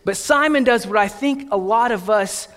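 A man's voice: high voice, normal speed, fairly bright tone. A young man giving a sermon in a conversational storytelling manner, with playful asides. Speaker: pastor. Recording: long hall reverb.

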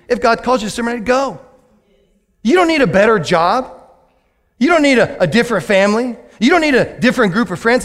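A man preaching a lively, joking sermon as a pastor to his church, with sudden loud outbursts. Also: very high voice. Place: church sanctuary. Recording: long hall reverb.

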